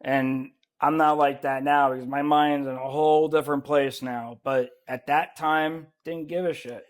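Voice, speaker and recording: An American man, a guest on a casual podcast chat, talks candidly and self-critically, swearing freely. His voice is a little high, with a steady tone and normal speed.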